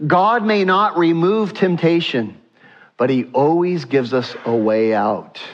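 A man preaching a sermon in a conversational way, asking the congregation questions and acting out the text. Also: mid-range voice. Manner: conversational, asks the congregation questions, acts out quotes. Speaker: pastor. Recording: dull lo-fi sound.

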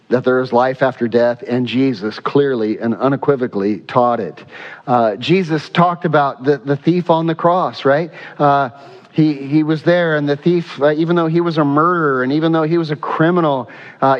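A man preaching a sermon as pastor, emphatic and repetitive, with frequent fillers. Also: medium pitch. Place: church sanctuary. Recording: dull sound with long hall reverb.

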